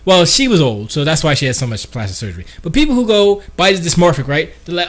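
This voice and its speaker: A man's voice: on the high side, big pitch swings, fast, few pauses. A man co-hosting a gaming podcast in casual comedic chat, joking around and acting out quotes in silly voices. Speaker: podcast co-host.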